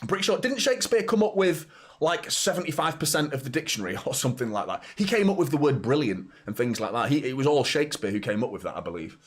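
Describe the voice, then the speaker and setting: A man's voice: mid-range voice, sing-song, quick pace. Chatty man hosting a live stream. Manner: chatty, reads out viewer comments, stumbles and repeats words. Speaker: football channel host. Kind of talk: live stream watchalong chat.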